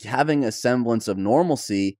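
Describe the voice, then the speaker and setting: A man hosting a podcast, interviewing his co-host and recounting a shared story, growing animated as he retells it. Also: mid-range voice, normal speed, dry recording, clean studio sound. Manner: conversational, animated when retelling.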